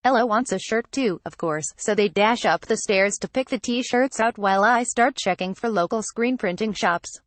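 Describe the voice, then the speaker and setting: A woman's voice: medium pitch, normal speed, hardly any pauses, no room sound. Woman reading a memoir excerpt, dry sound. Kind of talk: steady read-aloud narration.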